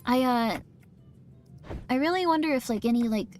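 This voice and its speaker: A woman's voice: on the high side, animated, normal speed, darkish tone, faint music behind. A woman streaming a game in casual chat, rambling and self-mocking, reading chat as she plays. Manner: rambling, self-mocking, jumps into quoted voices.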